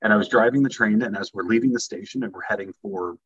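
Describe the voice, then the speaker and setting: A man in casual podcast chat, telling animated anecdotes and acting out the people in them. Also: on the low side, fast talker, slightly rough, highs cut off. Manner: animated anecdotes with acted-out quotes.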